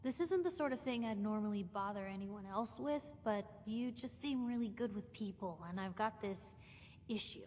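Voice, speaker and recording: A woman voicing a chatty, nosy young reporter who talks quickly and frankly. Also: medium pitch, a little mellow, close to an everyday voice. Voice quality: chatty, quick, self-conscious. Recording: game audio with reverb and faint hiss.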